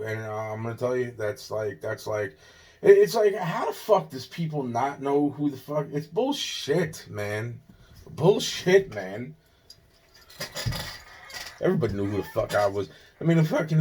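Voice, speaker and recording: A man venting in a rambling monologue, stacking profanity and repeating the same openings over and over. He is agitated, and his voice jumps into sudden loud bursts before dropping back into muttering. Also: medium pitch, slight background noise. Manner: rambling, repetitive and profane, circling back on restarts.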